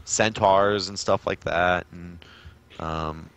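A man's voice: low-pitched, steady tone, slow, gravelly, a bit bright, clear, resonant tone, no room sound. A young man co-hosting a gaming podcast, chatting casually with crude jokes. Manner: laid-back, crude, jokey. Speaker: podcast co-host.

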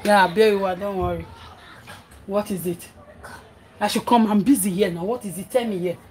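A woman's voice: mid-range voice, fairly even intonation, moderate pace, darkish tone, a little hiss or hum, poor audio. A middle-aged Nigerian woman chatting on a cooking livestream, reading comments aloud and scolding her children between remarks. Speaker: vlogger and mother. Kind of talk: casual cooking livestream chat.

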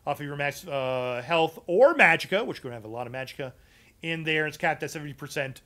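A man's voice: a little high, lively intonation, fast talker, pushed and bright. A man streaming a casual game build walkthrough to his live chat, loose and chatty with lots of ums and uhs. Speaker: gaming streamer explaining a character build.

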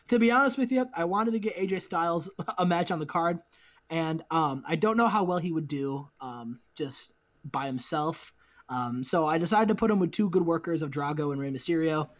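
High-voiced man, rambling game commentary. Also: fairly quick, dull audio. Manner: rambling storyteller, swears casually. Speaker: guest co-host. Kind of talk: casual gaming commentary.

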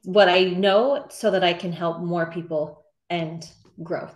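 A woman's voice: on the low side, fairly even intonation, measured pace. A woman taking part in a group session, sharing hesitantly with fillers. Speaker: workshop participant. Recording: echoey room.

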